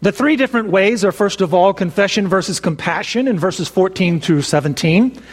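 A man preaching a sermon, measured and emphatic, slowing down to stress key phrases. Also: high voice. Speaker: pastor. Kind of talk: expository sermon. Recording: long reverb of a large hall.

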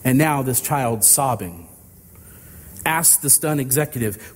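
A man preaching a sermon, telling an illustrative story in a deliberate, drawn-out way. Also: medium pitch, lively intonation, husky, in a large hall. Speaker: pastor.

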